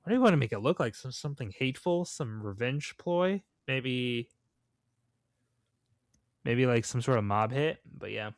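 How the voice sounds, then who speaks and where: A relaxed young man talks over a movie on a podcast, asking questions and chiming in with agreement. His voice is dry and close, recorded with little room sound. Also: medium pitch, moderate pace, dry recording. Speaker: podcast co-host. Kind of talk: casual movie discussion.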